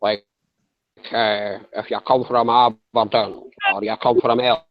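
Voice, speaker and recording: A Scottish man hosting a casual group voice chat, halting and joking as he talks. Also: fairly low pitch, level tone. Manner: halting, repeats himself, joking. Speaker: livestream host. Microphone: computer mic on a voice call. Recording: dull lo-fi online call mic.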